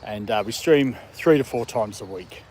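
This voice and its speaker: A man from a country town with an Australian accent, hosting a casual outdoor livestream with his dog. He talks in a relaxed, rambling way and chuckles often. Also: fairly low pitch, moderate pace, slight background noise. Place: outdoors in a city park in the evening.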